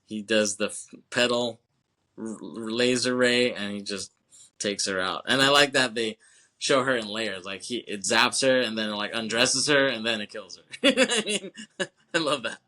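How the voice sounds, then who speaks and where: A man with a mid-range voice and a sharp tone, speaking at a moderate pace, co-hosts a podcast. He casually recaps a film's plot in a loose, rambling way, full of fillers and acted-out quotes, and he swears and laughs often.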